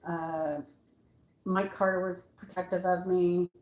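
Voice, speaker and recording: Woman, cooking vlog host, slightly low voice, unhurried rambling storyteller, laughs a lot. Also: little pitch movement, darkish tone. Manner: rambling, with many fillers and restarts; laughs often while telling stories. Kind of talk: casual storytelling chat. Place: home kitchen.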